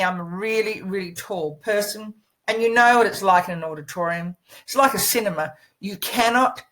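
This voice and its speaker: A woman presenting a course lesson, telling a personal story in a lively way and encouraging the listener, speaking seated into a laptop microphone. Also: mid-range voice, low-quality recording.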